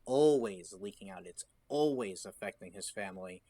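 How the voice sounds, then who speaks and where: A man's voice: on the low side, normal speed, no room sound. A man co-hosting a podcast, talking casually about horror films and acting out scenes as he describes them. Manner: animated, quotes scenes in voices. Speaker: podcast co-host. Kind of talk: casual film discussion.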